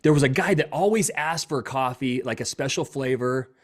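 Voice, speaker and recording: A man's voice: mid-range voice, brisk. A man hosting a casual interview, prompting his guest with short remarks. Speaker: podcast host.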